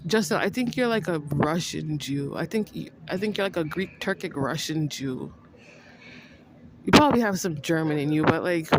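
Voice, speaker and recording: A woman vlogger in a rambling monologue, accusing someone she addresses by name, repeating herself with halting restarts. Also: lowish voice, background noise. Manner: accusing, repetitive, addresses an absent person by name; halting, with many restarts and fillers.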